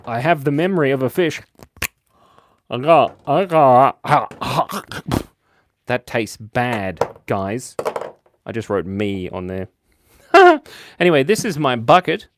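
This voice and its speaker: A man's voice: mid-range voice, expressive, normal speed, slight background noise. A young Australian man hosting a casual drawing livestream, chatty and jokey, reading the chat aloud and laughing often. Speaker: livestream host and cartoonist.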